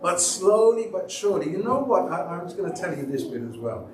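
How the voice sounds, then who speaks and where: A man's voice: very animated, brisk. Male church elder, storytelling sermon, roomy hall sound, faint background hiss. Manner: storytelling, acts out quoted people with big pitch jumps. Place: church sanctuary. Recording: echoey church hall, mic at a distance.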